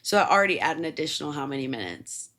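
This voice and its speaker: A woman's voice: sits low, animated, very fast, fairly bright tone. A young woman hosting a podcast, telling rambling, profane, self-mocking stories in a casual monologue full of fillers. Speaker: podcast host.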